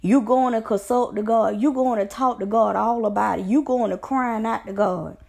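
A woman's voice: on the high side, fairly even intonation, moderate pace, gravelly, a little mellow, husky. A woman life coach giving an earnest, preacher-like pep talk on faith, repeating phrases for emphasis. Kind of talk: motivational faith talk to camera.

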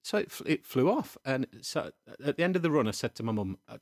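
A man's voice: medium pitch, quick pace, no echo, clean studio sound. A man, a pantomime dame performer, telling stories in casual chat and laughing often. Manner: animated storyteller, laughs often.

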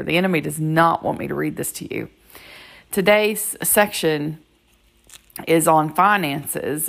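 A woman hosting a devotional podcast, speaking earnestly and personally with pauses and fillers, her voice a bit crackly today. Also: sits low, creaky. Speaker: podcast host.

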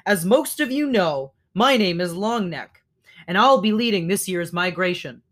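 A man's voice: sits high, expressive, moderate pace, a bit bright. A man voicing a big male goose who leads the flock, speaking formally like an announcer.

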